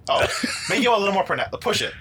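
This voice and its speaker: A man co-hosting a podcast in casual chat, playful and quick to argue back. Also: high-pitched, big pitch swings, pushed and bright, a little hiss or hum. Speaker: podcast co-host.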